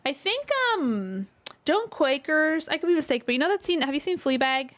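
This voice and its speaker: A woman's voice: high-pitched, lively intonation, fairly quick. A woman streaming a survival game with a friend, chatting casually and rambling, laughing often. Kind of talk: casual gaming chat.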